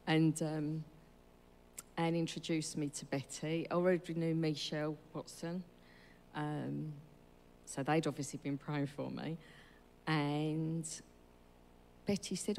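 A woman's voice: deep voice, steady tone, takes it slowly, long pauses, darkish tone, slight background noise. A woman giving a personal testimony in a church, telling her story in a rambling, chatty way and correcting herself as she goes. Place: church hall. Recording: reverberant church hall.

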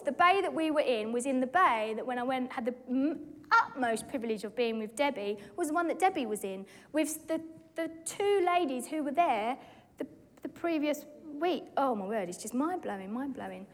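A British woman in her forties giving a lively, excitable testimony to a church gathering from a stage. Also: high voice, moderate pace. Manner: animated, excitable storyteller who acts out quotes. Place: stage in a hall. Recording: echoey hall.

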